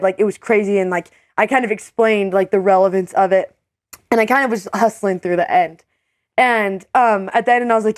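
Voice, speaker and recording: A young woman co-hosting a podcast, telling a story in a lively way, with many fillers and quoted voices. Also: fairly quick, no room sound, clean studio sound. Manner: animated storyteller, many "like"s, acts out quotes in a higher voice. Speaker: co-host. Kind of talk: casual storytelling.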